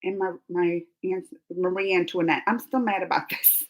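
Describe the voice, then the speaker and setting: A woman's voice: fairly low pitch, fairly even intonation, normal speed. A young woman hosting a casual live stream, chatting with viewers in a rambling way, laughing often and restarting her sentences. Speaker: reaction channel host reading live chat.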